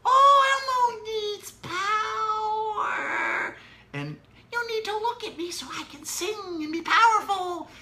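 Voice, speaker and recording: Elmo, squeaky and excited. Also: male voice, takes it slowly, heavily acted. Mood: coaxing. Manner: very high falsetto, exclamatory, sing-song. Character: squeaky excited little furry monster. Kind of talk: playful demonstration for a child.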